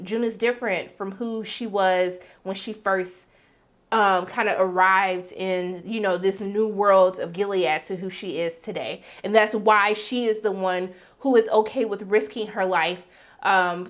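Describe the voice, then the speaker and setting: Brief: energetic woman reviewer, casual and slangy, acts out the scenes she retells. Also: medium pitch. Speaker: TV show reviewer. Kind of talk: casual episode recap.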